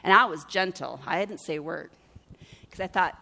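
A woman's voice: lowish voice, lively intonation, moderate pace, gravelly, bright, forceful tone, big-room sound. A middle-aged woman pastor preaching in a chatty, conversational way, telling a personal story and asking her congregation questions. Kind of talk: sermon with personal stories.

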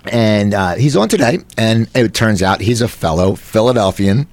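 A man's voice: on the low side, expressive, normal speed, dry recording. A man in his late forties from New Jersey, hosting a casual talk show and telling stories in a rambling way with many restarts. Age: 40s. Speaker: host.

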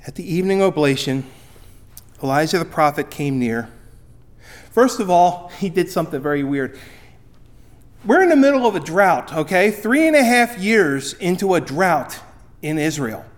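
Male pastor with a high voice, emphatic sermon delivery that swings between loud and quiet. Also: sing-song, moderate pace, long pauses.

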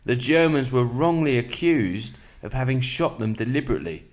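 Man with a slightly sore throat. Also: medium pitch. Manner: relaxed, matey, reads at an even measured pace. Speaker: podcast host. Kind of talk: casual chat and reading aloud from a book.

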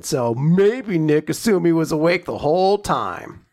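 A man's voice: fairly high pitch, very animated, moderate pace, a little mellow. A young man in casual chat, animatedly retelling a chapter and jumping into character voices as he goes. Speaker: podcast co-host recapping a manga chapter.

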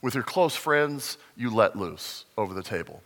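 A man preaching a conversational sermon as a pastor, animated and sometimes acting out the voices in the story. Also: lowish voice, moderate pace, long reverb tail. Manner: conversational, animated, acts out voices in his retelling.

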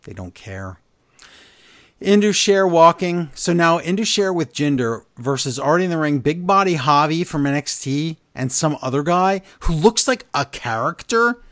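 A man co-hosting a podcast, recapping events in casual chat, animated and blunt with his opinions. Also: fairly high pitch, normal speed, dry recording, clean studio sound. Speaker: podcast co-host.

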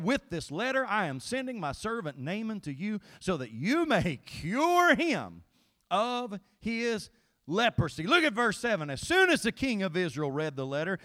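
A male pastor, preaching a sermon that swings between quiet Bible reading and shouted, pleading appeals. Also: sits high.

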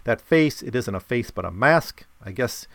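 A man's voice: medium pitch, animated, moderate pace, creaky, a bit bright, dry recording. A man reading out the lines of a suspicious, red-faced old man who accuses a stranger of wearing a mask. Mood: indignant.

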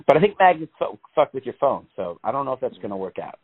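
A man's voice: mid-range voice, very animated, quick pace, slightly rough. A man chatting casually as a podcast co-host, rambling, swearing and laughing often. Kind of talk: casual chat. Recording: tinny phone-like line.

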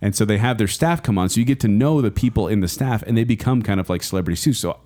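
A man's voice: fairly low pitch, fast talker, dark tone. A man co-hosting a podcast in casual chat, rambling enthusiastically with many fillers and restarts. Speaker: podcast co-host.

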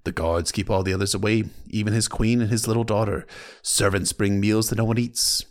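A crafty old seafaring rogue, voiced by a man murmurs warnings in odd, stilted phrases. The voice is gravelly and sits low, with a furtive storybook menace. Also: fairly even intonation, fairly quick, close to an everyday voice. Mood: hushed. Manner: stilted foreign-sounding phrasing, conspiratorial. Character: sly old male pirate captain.

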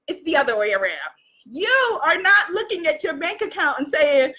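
Woman life coach on a live stream, very high and bright voice, exuberant, cheering, out of breath. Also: sing-song, normal speed. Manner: exuberant, laughing often, calling out cheers. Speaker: spiritual business coach. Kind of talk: live-streamed motivational talk.

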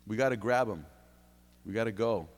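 A man preaching a sermon in a church, fervent, dropping to low intimate tones and then rising to loud bursts. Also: normal speed, long reverb tail. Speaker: lay preacher giving testimony. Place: church sanctuary.

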